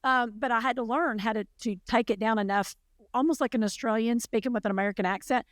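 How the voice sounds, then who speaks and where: Southern woman co-host, chatty and animated, dry close voice. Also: fairly high pitch, quick pace, no echo. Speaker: podcast co-host. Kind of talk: casual chat.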